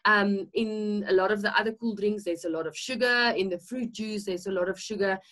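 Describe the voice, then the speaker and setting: A woman's voice: mid-range voice, fairly quick, a bit bright. South African woman, webinar presenter, chatty explainer, video call audio. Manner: chatty, with tag questions and fillers. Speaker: nutritionist co-hosting a webinar.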